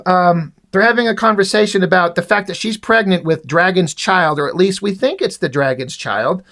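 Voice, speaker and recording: A man's voice: high voice, normal speed, a bit bright. A man giving a casual, profane, sardonic recap of a comic book.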